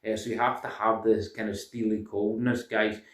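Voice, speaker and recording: A man's voice: on the low side, little pitch movement, normal speed, echoey room, far from the mic. A man giving insistent self-improvement advice to his viewers, hesitating often with ums and uhs. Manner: insistent, lecturing, constantly says "guys". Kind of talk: casual monologue to camera.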